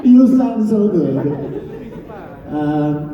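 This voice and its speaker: A man's voice: on the high side, animated, a little slow, muffled recording. A man, a voice actor, chatting playfully and teasing the crowd at a convention Q&A, laughing often. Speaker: voice actor guest at a fan convention Q&A. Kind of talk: casual convention Q&A. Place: large convention hall. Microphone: handheld phone camera from the audience. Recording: echoey convention hall from far off.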